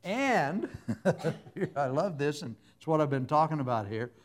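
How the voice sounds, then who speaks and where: A man's voice: fairly high pitch, very animated, a little slow. A man preaching a sermon in a folksy, humorous way, full of everyday stories. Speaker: pastor.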